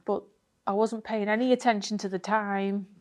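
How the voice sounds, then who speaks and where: A woman, a triathlete guest telling a race story in a chatty, animated way full of fillers. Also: medium pitch, moderate pace. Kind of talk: casual interview storytelling.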